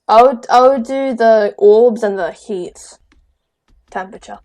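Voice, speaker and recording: A woman's voice: a little high, measured pace, darkish tone. A young woman chatting casually with a friend while playing a ghost-hunting game, with jumpy exclamations. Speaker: gamer. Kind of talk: casual chat while gaming.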